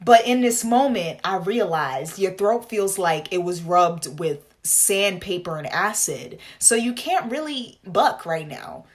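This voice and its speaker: A young adult woman vlogger talks straight to camera in a casual storytime video, peppering her speech with "like" and slangy asides. Her pace is measured with hardly any pauses, and when she reenacts scenes her voice leaps into high, dramatic quoted lines.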